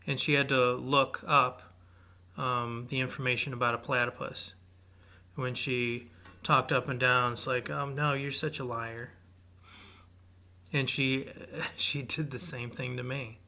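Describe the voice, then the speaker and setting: Hesitant bright-voiced man co-host. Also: mid-range voice, little pitch movement, a little slow, creaky. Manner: hesitant, self-doubting, many fillers. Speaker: podcast co-host. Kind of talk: casual advice chat.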